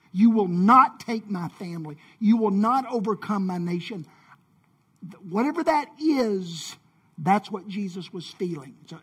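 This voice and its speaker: Husky man preaching in a folksy way. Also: high-pitched. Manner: conversational, folksy preaching with playful asides. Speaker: pastor. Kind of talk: sermon. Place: church sanctuary.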